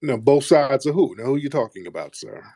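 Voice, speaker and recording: A man's voice: medium pitch, animated, a little fast, gravelly, dark tone, husky. A man hosting a call-in talk show, speaking bluntly and mocking callers. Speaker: host.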